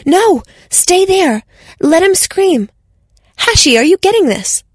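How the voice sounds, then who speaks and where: A woman's voice: high voice, lively intonation, normal speed, a little mellow, breathy edge, no room sound, clean studio sound, pitched above the performer's own voice. A woman voicing a bold, scheming young female filmmaker who talks in an urgent, insistent way. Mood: excited.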